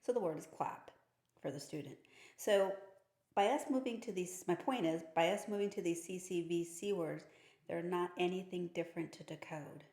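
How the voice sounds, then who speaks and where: A woman's voice: on the low side, moderate pace, darkish tone. A woman teaching phonics to teachers and parents, explaining patiently and upbeat with playful kid-friendly terms, asking questions and answering them herself. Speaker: reading teacher. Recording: echoey room.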